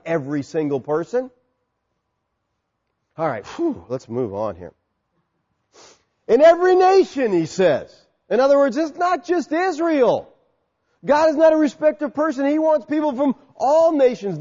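A man's voice: high voice, mellow, big-room sound, highs cut off. A man preaching a sermon, emphatic, asking the congregation questions and answering them himself.

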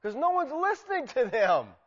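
A man preaching an expository sermon, animated, acting out quoted voices and swinging from loud exclamations to quiet asides. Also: very high-pitched, moderate pace. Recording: muffled sound with long reverb.

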